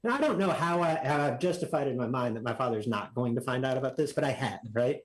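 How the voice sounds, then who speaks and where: A man telling a story as a podcast guest, animated and acting out other people's lines in a raised voice. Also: mid-range voice, fast talker, poor audio. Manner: animated, acts out quotes in raised voice. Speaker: guest drag racer. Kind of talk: casual storytelling.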